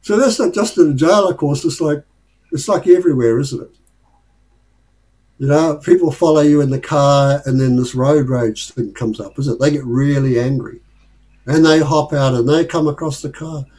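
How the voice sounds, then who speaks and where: This Australian man's voice is on the high side and mellow, moving at a moderate pace on a low-quality recording. He rambles through casual stories about life lessons, chuckling frequently.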